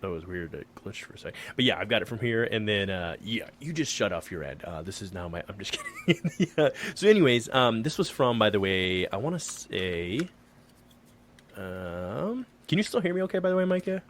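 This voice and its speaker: Joking low-voiced man reading aloud. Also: very animated, brisk, a little hiss or hum. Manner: joking, self-deprecating, stumbles over words. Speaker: podcast co-host. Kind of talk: casual podcast chat, reading an article aloud.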